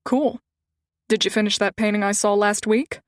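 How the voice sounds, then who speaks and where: A woman's voice: medium pitch, steady tone, normal speed, dry recording, studio quality, lightly acted. A woman voicing a suave, confident man who talks in an easygoing, teasing way. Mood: playful.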